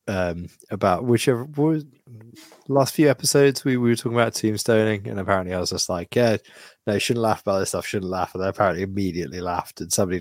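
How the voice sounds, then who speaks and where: A man's voice: low voice, no echo, studio quality. Swearing man telling anecdotes. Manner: swears freely, tells animated anecdotes. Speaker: podcast co-host. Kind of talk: casual chat.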